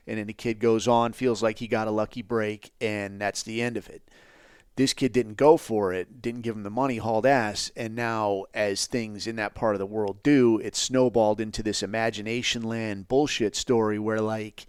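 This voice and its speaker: A man's voice: mid-range voice, fairly even intonation, normal speed, a little mellow, clean tone, no echo, clean studio sound. A man hosting a podcast, talking in a blunt, profane, rambling and sarcastic way. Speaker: podcast host. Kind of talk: casual podcast commentary.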